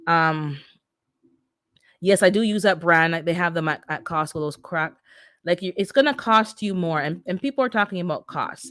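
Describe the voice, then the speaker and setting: A middle-aged woman hosts a relaxed livestream and keeps answering her viewers' chat as she talks. Her voice sits a little low for a woman. It is recorded close in a dry room. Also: no echo. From immigrant to North America. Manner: chatty, talks back to viewers' comments. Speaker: livestream host reading the chat.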